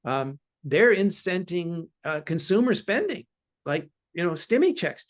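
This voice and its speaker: A man's voice: high-pitched, very animated, a little slow. A man speaking as a guest in an interview about markets, analytical and cautious in how he talks. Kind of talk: interview conversation.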